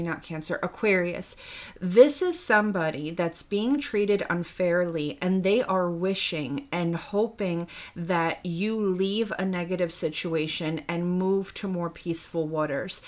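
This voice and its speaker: A woman reads tarot for her viewers in a slightly low voice. She sounds a little out of breath, talks earnestly, and keeps checking in with a questioning "okay?". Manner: earnest, addresses the listener by star sign, asks rhetorical questions ending in "okay?". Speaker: tarot reader.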